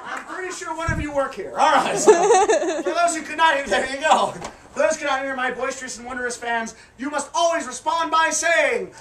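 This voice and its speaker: A man doing a live comedy act for a crowd on an outdoor fair stage, loud and teasing, with crude jokes and bursts of shouting. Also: very high voice, fairly quick. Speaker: fire performer and street-show comedian. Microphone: camera far from the stage. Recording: distant, echoey, noisy amateur video.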